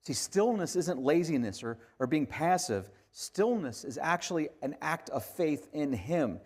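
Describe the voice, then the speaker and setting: A man delivering a sermon as a pastor, talking conversationally and swinging from hushed, quiet lines to emphatic ones. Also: on the high side, expressive, a little slow.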